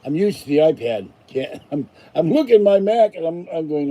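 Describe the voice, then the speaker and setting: A man's voice: fairly high pitch, big pitch swings, moderate pace, gravelly, warm tone, rough recording. A tired older man from Pittsburgh, a channel host rambling and grumbling through a casual live stream sign-off. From Pittsburgh, USA.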